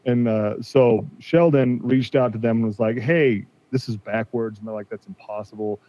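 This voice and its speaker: A man's voice: mid-range voice, fairly even intonation, moderate pace. A man in his forties, a podcast guest telling a story casually and acting out what others said to him. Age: 40s. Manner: retells a dispute, acting out quoted exchanges. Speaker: podcast guest, car collector. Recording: slightly dull, dry sound.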